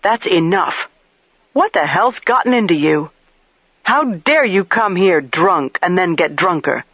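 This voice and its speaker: A man's voice: sits high, expressive, measured pace, sharp tone, no echo, pitched above the performer's own voice, heavily acted. A man voicing an angry, stern middle-aged female medical examiner who scolds sharply.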